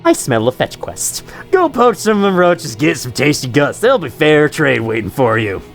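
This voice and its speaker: A man voicing a gruff, slangy male bug hermit in a put-on Australian accent. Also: fairly high pitch, big pitch swings, normal speed, faint music behind. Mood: wheedling. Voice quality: rough, slangy drawl.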